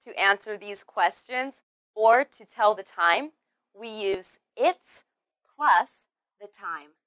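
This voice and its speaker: A woman teaching English pronunciation in a slow scripted lesson, carefully over-articulating words, drilling them in repetitions and praising the learner. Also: medium pitch, lively intonation, fairly bright tone, dry recording.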